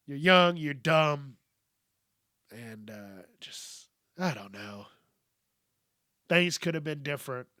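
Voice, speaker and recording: A man in his thirties talks slowly and reflectively, with casual profanity and many pauses where his voice drops away. His voice sits a little higher than most men's. The recording is close and dry, with no room sound. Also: no echo. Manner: candid, profane, pauses often and trails off softly. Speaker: podcast host. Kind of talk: slow reflective monologue.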